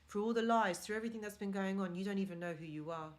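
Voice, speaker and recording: A woman with a non-native English accent hosts a live stream as a relationship mentor, speaking rapidly at medium pitch. She addresses her viewers directly in an earnest, encouraging way.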